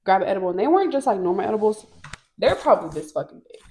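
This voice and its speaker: A young woman co-hosting a casual talk show, telling a long story with plenty of swearing. She gets loud and lively when she acts out the people in it. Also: mid-range voice, racing. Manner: animated, swearing, acts out quoted people loudly. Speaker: podcast co-host.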